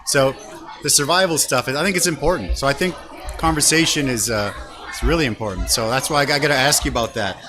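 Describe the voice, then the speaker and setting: A man's voice: mid-range voice, quick pace, music in the background. A man from Canada hosting a casual interview chat, telling stories and acting out quoted dialogue. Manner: animated storyteller, acts out quoted dialogue. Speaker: talk show host.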